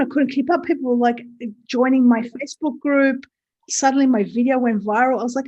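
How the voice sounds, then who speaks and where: A woman guest speaking over a video call, telling a story in animated conversation and acting out what others said. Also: high-pitched, brisk, highs cut off. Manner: lively, reenacts others' speech in quotes.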